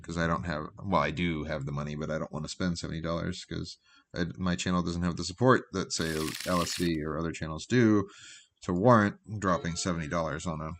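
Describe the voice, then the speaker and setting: A man's voice: low-pitched, fairly even intonation, fairly quick, fairly bright tone, a little hiss or hum. A man casually commentating his own card game on a live stream, thinking aloud in a loose, rambling way. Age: adult with a job. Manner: rambling, thinks aloud with fillers and trailing asides.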